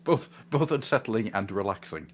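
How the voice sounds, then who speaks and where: A man's voice: lowish voice, big pitch swings, normal speed. A man hosting a casual podcast chat, joking and laughing often. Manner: jokey, laughs often, puts on silly voices. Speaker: podcast host.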